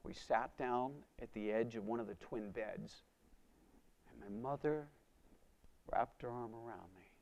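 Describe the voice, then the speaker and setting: A man preaching a sermon and telling his testimony as a dramatic story, swinging from loud to hushed. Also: mid-range voice, unhurried, creaky, long pauses, dull audio.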